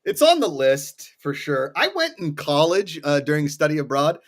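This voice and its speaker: A man's voice: a little high, very animated, moderate pace. A young man co-hosting a casual chat, joking and rambling with restarts. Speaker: co-host.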